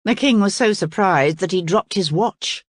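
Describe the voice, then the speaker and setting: A woman reading a children's story aloud in an expressive, lively way. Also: mid-range voice, moderate pace, dry recording, studio quality. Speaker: storybook reader.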